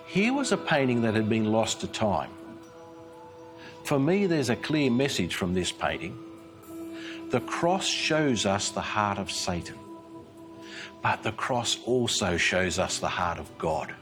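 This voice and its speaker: Earnest man with a lively, rising-and-falling voice. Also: fairly low pitch, music in the background. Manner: earnest, measured storytelling. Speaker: Christian speaker. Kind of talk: scripted devotional presentation.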